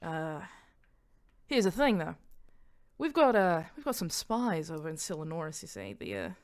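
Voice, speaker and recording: A woman's voice: sits low, sing-song, moderate pace. A woman voicing a brash, foul-mouthed woman pirate captain with a put-on Australian accent, crude and offhand. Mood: conspiratorial.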